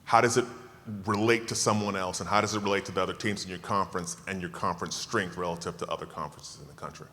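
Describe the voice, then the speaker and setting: A man in his fifties from Tallahassee gives a keynote at a dinner, fielding questions in an emphatic, self-assured way with jokes. His voice sits low but comes across bright and forceful. The sound carries the long reverb of a banquet hall. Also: steady tone, fast, a little hiss or hum. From Tallahassee, Florida. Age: 50s. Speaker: keynote speaker. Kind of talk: relaxed Q&A talk to a dinner audience.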